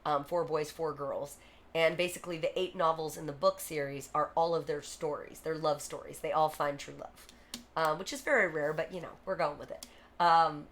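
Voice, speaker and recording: A woman live-streaming, chatting quickly and casually between songs, thanking viewers and joking about herself. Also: deep voice, fairly bright tone. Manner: quick, chatty, self-deprecating. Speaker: streamer singing covers. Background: guitar.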